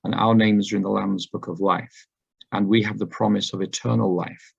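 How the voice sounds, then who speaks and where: A man giving a sermon talk to a congregation, hoarse after laryngitis, unhurried and full of ums and uhs. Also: lowish voice, fairly even intonation. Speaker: guest speaker. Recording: dull lo-fi recording.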